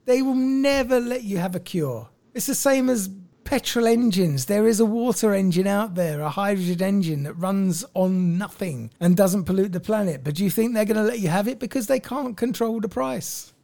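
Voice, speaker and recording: A woman's voice: mid-range voice, moderate pace, vocal fry, hardly any pauses, warm tone. A woman co-hosting a podcast, outspoken and ranting in casual chat. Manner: outspoken, ranting, conspiracy-minded. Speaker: podcast co-host.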